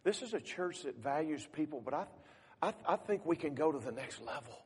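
A man's voice: fairly high pitch, lively intonation, a little fast, slightly rough, in a large hall. A man preaching a sermon as a pastor, telling a folksy story and teasing the congregation.

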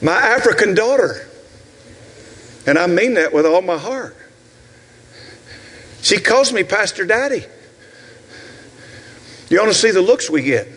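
A man in his sixties with a Southern US accent, preaching a sermon as pastor with shouted, rhythmic repetitions and asides to the congregation. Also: sits high, very animated, measured pace, pauses often, in a large hall. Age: 60s. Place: church sanctuary.

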